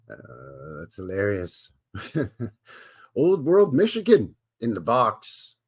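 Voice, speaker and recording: A man's voice: fairly low pitch, wildly swooping pitch, very slow, a little mellow, husky. A Canadian man hosting a live stream, casually chatting and reading aloud with rambling, jokey asides.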